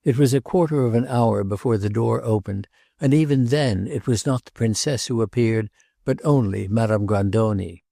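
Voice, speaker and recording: A man narrating a classic novel as an audiobook in a measured, even reading. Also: mid-range voice, gravelly, no room sound, clean studio sound. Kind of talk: scripted literary narration.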